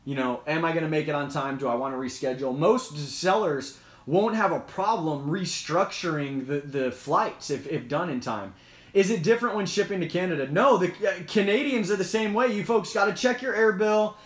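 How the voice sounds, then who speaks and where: A man with a high voice hosts a casual live Q&A. He is chatty and emphatic and repeats his points as he explains them. The sound is echoey and roomy. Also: moderate pace. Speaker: host.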